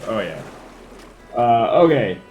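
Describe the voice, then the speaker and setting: A man running a tabletop game as dungeon master, unhurried and chuckling as he thinks aloud between dice rolls. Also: medium pitch, very animated, a little mellow, faint music behind.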